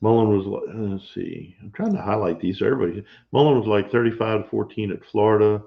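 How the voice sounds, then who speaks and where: A man's voice: lowish voice, brisk, gravelly. A man co-hosting a homestead live stream, chatting casually and laughing often. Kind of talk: casual chat. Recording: dull lo-fi live stream audio.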